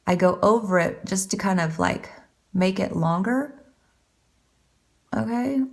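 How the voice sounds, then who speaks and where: A woman's voice: medium pitch, animated, a little slow, vocal fry. A woman chatting casually through a makeup tutorial, rambling and poking fun at herself. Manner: chatty, rambling, self-deprecating. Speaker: beauty vlogger.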